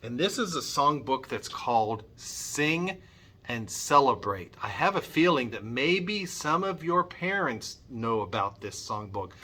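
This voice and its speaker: Animated man teaching kids music. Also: mid-range voice, unhurried. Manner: upbeat, coaxing, sings and models sounds. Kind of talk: children's music lesson.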